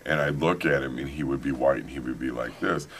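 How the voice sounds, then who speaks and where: A middle-aged man telling a travel story in a casual interview, animated and laughing often. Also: extremely low pitch, a little fast, a little hiss or hum. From United States. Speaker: author, interview guest. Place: conference venue, indoors.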